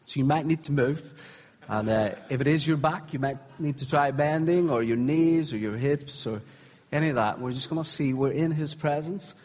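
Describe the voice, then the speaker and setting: A man leading a live healing service from the stage, encouraging the congregation and joking gently with them. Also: a little high, normal speed. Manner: encouraging, gently humorous, calls out to the crowd. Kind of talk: live sermon ministry. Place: large hall with congregation. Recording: echoey hall with faint crowd.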